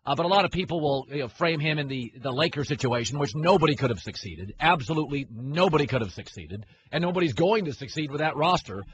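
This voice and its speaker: A man's voice: on the high side, lively intonation, fast, hardly any pauses. Opinionated rambling male sports host. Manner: rambling, opinionated, self-interrupting. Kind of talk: opinionated sports talk monologue. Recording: slightly muffled, faint hiss.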